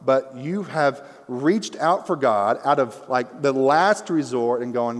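A young man preaching a sermon through a microphone, telling a funny story with animated, rising excitement. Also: mid-range voice, slow, hardly any pauses, big-room sound. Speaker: pastor.

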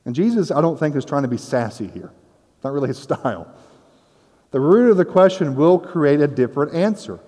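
A man's voice: a little high, lively intonation, fairly quick, mellow. A man preaching a conversational sermon, explaining scripture in a casual, explanatory way with playful asides. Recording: long hall reverb.

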